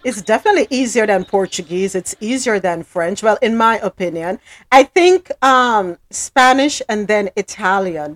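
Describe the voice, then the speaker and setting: A woman's voice: medium pitch, no room sound. Chatty woman host, dry close sound. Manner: chatty, laughs often, reads news with asides. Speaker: podcast host. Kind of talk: casual chat and news reading.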